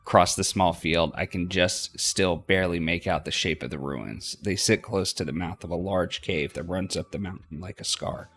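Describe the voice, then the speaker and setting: A man voicing a young woman main character in his own voice, reading her lines and first-person narration in a steady, low-key way. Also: normal speed, few pauses, faint music behind. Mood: calm. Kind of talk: visual novel voice reading.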